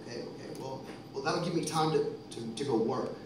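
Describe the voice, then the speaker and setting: A Texas man in his thirties, a musician on stage, tells a long rambling story between songs at a live concert, getting worked up and cursing. His mid-range, a little fast voice comes through a stage microphone in a distant, echoey recording with background noise and a live audience.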